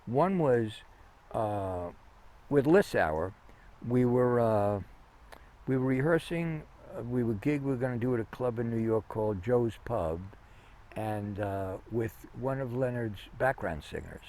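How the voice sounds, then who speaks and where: This interview guest, a man, shares long anecdotes conversationally, rambling and restarting with plenty of fillers. His medium-pitched voice is expressive and mellow, and his pace is a little slow.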